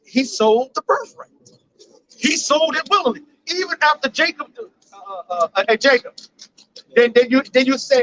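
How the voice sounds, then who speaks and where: A man teaching a Bible study in a slangy, profane, animated street style. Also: very high voice, moderate pace, low-quality recording. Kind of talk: informal scripture commentary.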